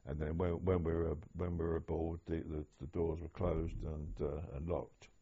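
Older guy, deep husky voice, halting memories in an interview, muffled old tape. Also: flat delivery, warm tone. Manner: halting, measured recollection with many restarts. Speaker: interviewee, former prisoner of war. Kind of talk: oral history interview. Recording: dull lo-fi archive tape.

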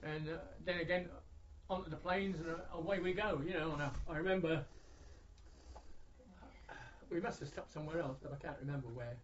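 A man's voice: a little high, a little fast, pauses often, a little hiss or hum. Older man reminiscing, lo-fi. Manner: rambling, with many fillers and restarts. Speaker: veteran interviewee. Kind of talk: oral history recollection. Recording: dull lo-fi recording.

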